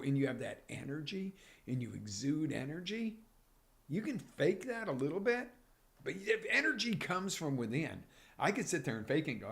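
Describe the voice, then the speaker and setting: Gravelly energetic motivational coach man. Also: on the high side, moderate pace. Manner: energetic, animated, drops to whispers then surges loud. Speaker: life coach and show host. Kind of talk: live motivational talk. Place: broadcast live on social media.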